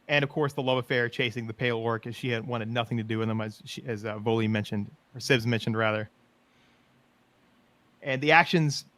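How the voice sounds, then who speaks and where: A man rambles enthusiastically through his stories in a casual podcast chat. His voice is bright and forceful, recorded dry and close. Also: mid-range voice, no room sound. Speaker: podcast co-host. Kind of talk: casual chat about roleplay.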